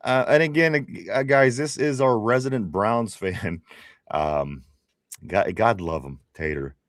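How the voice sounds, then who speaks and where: A man's voice: on the low side, slow, no echo, clean studio sound. A man co-hosting a casual live stream, reading viewer comments aloud with laughs, restarts and teasing.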